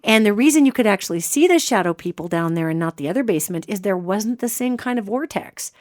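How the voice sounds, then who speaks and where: A woman's voice: medium pitch, fast talker, no echo. Woman, podcast host, casual storytelling, matter-of-fact, dry close mic. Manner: animated, explanatory, talks of spirits and energy matter-of-factly.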